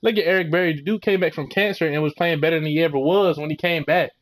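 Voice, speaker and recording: A man's voice: on the high side, steady tone, fast talker. A young man ranting a football recap, heated and exasperated, full of slang and mocking quotes. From Florida. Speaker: sports vlogger.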